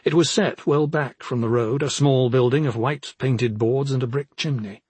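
Husky male audiobook narrator. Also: medium pitch, moderate pace, darkish tone, dry recording.

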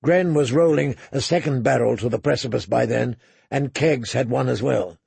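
A man narrating a dramatic audiobook, measured, sinking to hushed low tones for tension. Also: gravelly, breathy edge, dry recording.

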